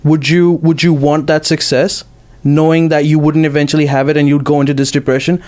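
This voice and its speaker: Insistent young man, slightly high voice. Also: little pitch movement, fairly quick, darkish tone. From Australia. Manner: firm, insistent. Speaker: podcast co-host. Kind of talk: casual chat.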